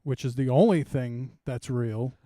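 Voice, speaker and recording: A man co-hosting a podcast in casual banter, slow and full of wordplay jokes. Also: mid-range voice, mellow, no room sound, clean studio sound. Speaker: podcast co-host.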